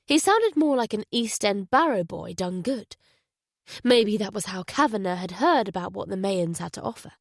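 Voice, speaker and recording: A woman's voice: mid-range voice, dry recording, studio quality. Woman narrating a thriller audiobook. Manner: measured, even storytelling. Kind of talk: scripted narration.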